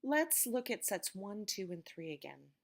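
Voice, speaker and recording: A woman teaching an English vocabulary lesson, speaking words slowly and clearly to explain word stress. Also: medium pitch, very animated.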